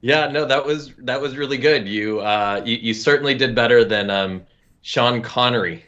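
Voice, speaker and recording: A man's voice: mid-range voice, normal speed, a bit bright. A man co-presenting, bantering in a dry, joking way. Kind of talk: casual banter. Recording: dull lo-fi sound.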